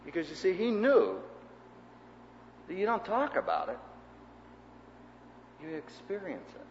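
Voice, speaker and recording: A man teaching a seminary class in a sermon-style lecture, an animated storyteller who acts out the people he quotes. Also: high-pitched, a little slow, big-room sound, lo-fi sound, slight background noise.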